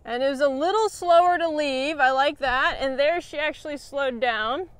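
A woman horse trainer explaining a training session in a calm, encouraging way, often praising her horse. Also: high voice, moderate pace, no room sound.

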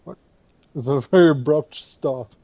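A man's voice: on the high side, a little slow, dark tone, no echo. A man co-hosting a game let's play, rambling and joking in casual chat. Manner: rambling, joking, fillers and restarts.

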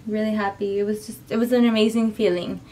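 A woman's voice: medium pitch, fairly even intonation, quick pace, warm tone, a little hiss or hum, low-quality recording. A young woman vlogging with her twin sister, eager and chatty in casual talk. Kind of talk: casual chat.

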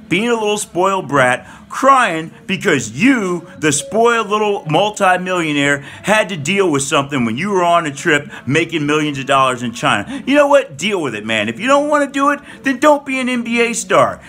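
High, bright-voiced man ranting angrily. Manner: heated, profane, repeats himself and stumbles. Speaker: political commentator. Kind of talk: angry rant to camera.

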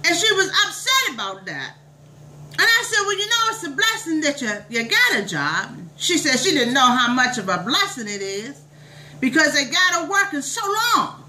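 A woman's voice: high voice, big pitch swings, normal speed, pushed and bright, a little hiss or hum, full character voice, rough recording. A woman playing a preachy, bossy middle-aged church lady, telling a comic story in an exclamatory, sermonizing drawl.

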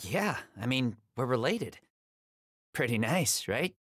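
A woman's voice: extremely low pitch, sing-song, slow pace, a bit bright, slightly rough, no echo, studio quality, exaggerated voice. A woman voicing a laid-back, sardonic teenage boy ninja in a game cutscene, blunt and unbothered. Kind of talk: video game cutscene dub.

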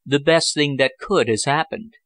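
Earnest gentle young gentleman, as a male reader puts him on, dry sound. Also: a little high, normal speed, no echo.

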